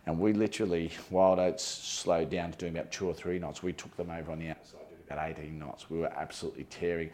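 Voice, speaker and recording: A middle-aged man being interviewed, telling a long story in an animated way with many fillers and restarts. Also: low voice, slight background noise. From Australia. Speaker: guest.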